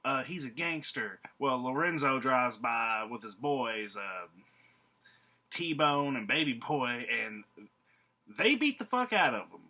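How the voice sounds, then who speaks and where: Dude with a real bright voice, swearing a lot, recapping a movie all casual. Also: male voice, mid-range voice, expressive, slow pace. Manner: profane, rambling, laughing asides. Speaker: movie reviewer.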